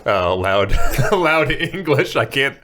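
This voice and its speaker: An American man hosting a podcast, telling animated stories and laughing often. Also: mid-range voice, slow. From United States. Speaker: podcast host. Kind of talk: casual podcast chat.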